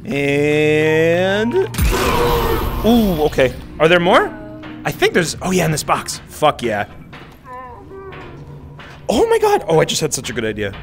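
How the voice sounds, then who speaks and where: Excitable, swearing male streamer. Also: on the high side, takes it slowly, long pauses, music in the background. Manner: excitable, swearing, talks back to the game. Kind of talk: casual gameplay commentary.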